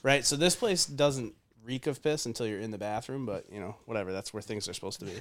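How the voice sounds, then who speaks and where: A young podcast host with a medium-pitched voice talks at a quick pace, telling a casual, rambling story stuffed with fillers and laughing through his punchlines.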